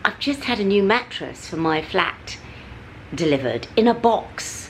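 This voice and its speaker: A middle-aged British woman talking to camera in a casual vlog, ranting animatedly with big swings in pitch. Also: very animated, measured pace, a little hiss or hum, low-quality recording. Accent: British English. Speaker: vlogger. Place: at home and out on a city street.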